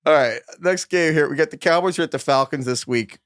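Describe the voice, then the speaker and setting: A man's voice: fairly high pitch, fairly quick, a bit bright, dry recording, clean studio sound. A man co-hosting a fantasy football podcast, joking and riffing in casual chat. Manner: jokey, riffing, frequent restarts. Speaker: podcast co-host.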